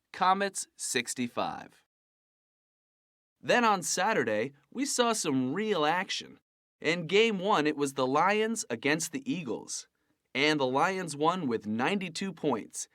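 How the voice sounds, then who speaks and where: A slow, lively sports host. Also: male voice, a little high, dry recording, clean studio sound, exaggerated voice. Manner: slow, clear, stressing each score. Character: upbeat male sports radio host, adult. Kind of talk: scripted sports report for a language lesson.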